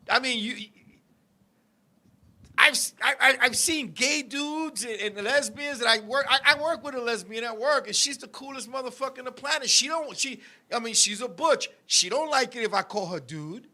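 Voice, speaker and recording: High, bright-voiced heated male storyteller. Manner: heated, profane storytelling, addresses co-host and viewers. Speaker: show host. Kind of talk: live-stream talk show storytelling.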